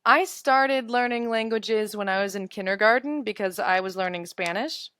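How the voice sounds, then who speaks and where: A woman's voice: mid-range voice, moderate pace, fairly bright tone, dry recording, studio quality. A young woman in her twenties teaching English in a casual live webinar, chatty and giggly as she answers viewer comments.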